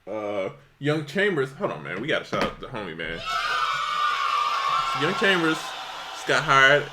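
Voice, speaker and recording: A man co-hosting a livestreamed podcast, his voice rising and dipping a lot as he talks. He banters in relaxed slang and laughs easily with his co-host. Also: mid-range voice, a little slow, very noisy. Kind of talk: casual chat.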